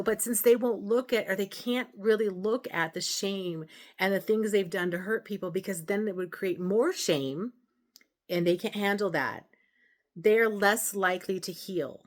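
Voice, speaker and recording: A woman hosting a self-help video, talking casually and earnestly to camera, explaining her points with frequent restarts and asides. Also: mid-range voice. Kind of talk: casual advice talk to camera.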